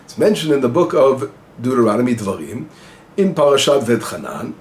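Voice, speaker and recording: A man's voice: medium pitch, big pitch swings, a little fast. A male rabbi giving an informal Torah lesson, explaining Hebrew phrases and translating them as he goes, asking questions and answering them himself. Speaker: rabbi teaching the weekly Torah portion.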